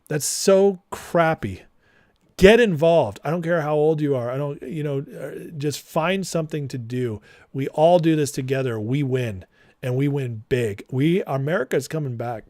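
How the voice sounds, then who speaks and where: A man's voice: on the high side, lively intonation, moderate pace, warm tone, no room sound, studio quality. A man in his forties hosting a political livestream, speaking fervently and preachily and reading out chat comments.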